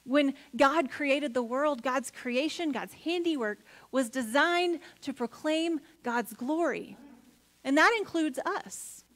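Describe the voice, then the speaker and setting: A woman pastor preaching a sermon in a church, earnest, building to emphatic points and then dropping soft. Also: sits high, takes it slowly. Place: church sanctuary.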